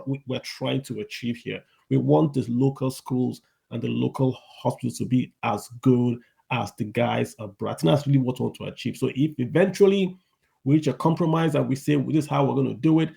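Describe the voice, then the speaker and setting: A man hosting a live audio discussion, relaxed as he calls on speakers one by one. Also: medium pitch, gravelly, slightly rough. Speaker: host.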